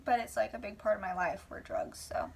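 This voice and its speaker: A woman's voice: mid-range voice, fairly even intonation, a little fast, creaky, distant mic, slight background noise. A young woman vlogger rambling casually through a personal story, full of "like"s and whispered asides.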